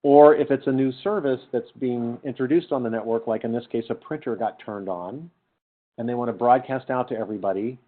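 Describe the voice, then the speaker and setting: A man's voice: medium pitch, quick pace. A middle-aged man giving a conversational university lecture, quizzing his students with questions and then answering them himself. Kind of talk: classroom lecture. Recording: tinny lo-fi lecture capture.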